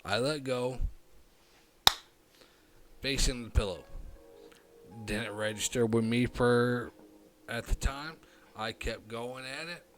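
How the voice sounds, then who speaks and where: Streamer guy, mid-pitched, cussing his way through a rambling story, quiet one moment and loud the next. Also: slow, long pauses, music in the background. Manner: profane, rambling anecdote with frequent fillers; animated, swings between hushed and loud. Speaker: livestream host. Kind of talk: casual livestream storytelling.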